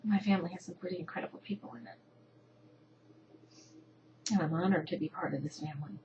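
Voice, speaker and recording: A woman's voice: lowish voice, fast talker, darkish tone, dull audio, slight background noise. A middle-aged woman from New Jersey telling her family story, emotional and heartfelt, her voice sometimes dropping to a whisper. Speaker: patient advocacy founder. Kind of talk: personal story to camera.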